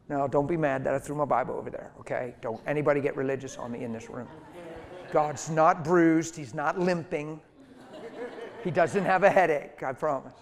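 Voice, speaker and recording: A man's voice: on the high side, moderate pace. A man preaching a sermon as a story, emphatic and conversational, acting out the voices of the people in it. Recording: hall reverb.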